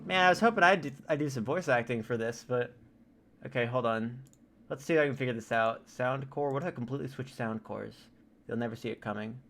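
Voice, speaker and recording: A man's voice: mid-range voice, brisk, fairly bright tone, slight background noise. A young man streaming a game from home on a desk mic, chatting casually, joking and often going off on tangents, with keyboard typing now and then. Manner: chatty, joking, easily sidetracked. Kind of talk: casual live-stream commentary.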